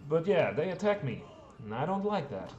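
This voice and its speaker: A man's voice: a little high, very animated, moderate pace, a little mellow, muffled recording, faint music behind. A man giving rambling, casual commentary while playing a strategy game, full of fillers and the odd swear word. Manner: rambling, self-deprecating, frequent fillers and mild swearing. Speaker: let's play host. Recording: roomy echo, faint background hum.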